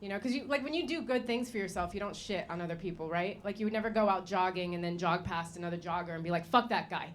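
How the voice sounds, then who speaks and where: A woman's voice: lowish voice, fast talker, few pauses, background noise. A woman of Egyptian origin performing a casual stand-up comedy routine, swearing and telling stories. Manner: casual, swearing, storytelling with quoted voices. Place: comedy club stage.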